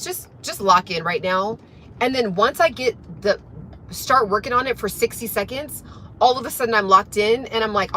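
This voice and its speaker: Driving in her car, a young fitness coach chats motivationally on a livestream, casual and full of fillers and restarts. Her voice is mid-range with a sharp tone, and there's slight background noise.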